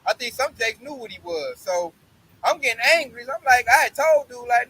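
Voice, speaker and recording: A young man preaching outdoors, telling a blunt, profane, animated testimony story. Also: very high-pitched, normal speed, slightly rough, rough recording.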